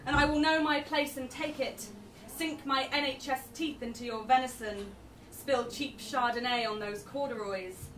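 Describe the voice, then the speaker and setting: A woman's voice: high-pitched, steady tone, normal speed, fairly bright tone. A young woman performing spoken word poetry live, with wry, self-deprecating chatter between poems. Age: young adult. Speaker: poet. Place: live event venue. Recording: echoey room, distant mic, venue noise.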